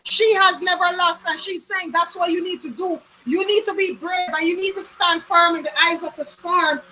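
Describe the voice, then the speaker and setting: Lady doing a live card reading, high voice, keeps saying the names over, bit of faint hiss. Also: steady tone, moderate pace, sharp tone. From Jamaica. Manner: musing, repeats names and phrases while pulling cards. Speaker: tarot card reader.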